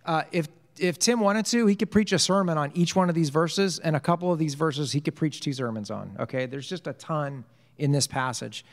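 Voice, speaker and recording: Speaking briskly in a fairly high voice, this man teaches an informal church Bible study, cracking jokes and posing questions to the group. The hall gives his voice a long, lingering reverb.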